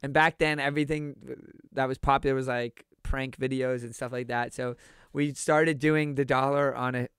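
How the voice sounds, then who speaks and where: A young man telling a funny story in casual chat, animated and full of filler words, often acting out quotes. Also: mid-range voice, moderate pace, clear, resonant tone, no echo, clean studio sound.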